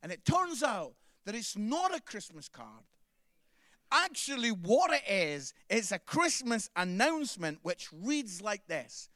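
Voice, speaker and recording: A man's voice: high voice, sing-song, unhurried, bright, forceful tone, no room sound, clean studio sound. A man from Scotland with a Scottish accent doing a chatty stand-up comedy set, tagging his lines with "yeah?".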